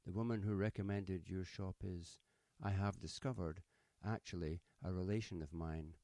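A man's voice: low-pitched, fairly even intonation, moderate pace, mellow, no room sound. A man reading a story, voicing a smartly dressed young woman who speaks primly and coldly. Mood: curt. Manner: prim, clipped, coldly polite.

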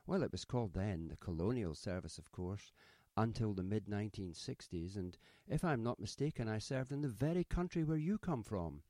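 A man's voice: lowish voice, expressive, normal speed, warm tone, no room sound, studio quality, voice pushed up, lightly acted. A man reading a story, voicing an older male shopkeeper who talks in a genteel, fussy, ingratiating way. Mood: fawning.

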